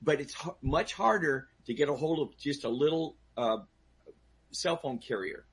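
A gravelly, husky-voiced man, somewhat high for a man, lectures a talk show audience on personal safety. He talks emphatically, stumbles into restarts, and keeps firing questions at the listeners. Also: expressive, normal speed. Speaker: personal safety instructor, guest.

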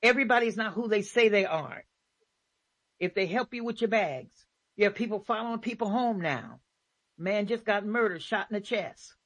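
This is a woman host at a middling pitch who leads a casual faith conversation. She speaks emphatically and repeats her points. Her voice is recorded dry and close. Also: moderate pace, no echo. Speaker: talk show host.

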